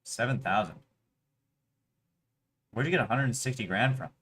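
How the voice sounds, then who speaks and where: A man's voice: medium pitch, expressive, moderate pace, fairly bright tone, husky. A man streaming his workday who mutters to himself in half-finished phrases and pleads aloud with an online chess opponent. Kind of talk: casual livestream commentary.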